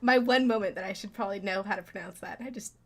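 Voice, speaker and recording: A woman's voice: medium pitch, quick pace. A woman chatting casually as she plays through a story game. She giggles often and pokes fun at herself. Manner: giggly, self-mocking. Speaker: streamer. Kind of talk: casual gameplay commentary.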